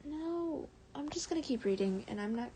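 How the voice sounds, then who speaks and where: Young American woman, warm mellow tone, casual read-aloud streamer who stumbles, giggles and whispers now and then. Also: high voice, lively intonation, normal speed, a little hiss or hum, poor audio. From United States. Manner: stumbles over words, giggles, drops into soft whispers. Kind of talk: reading fan fiction aloud on a livestream.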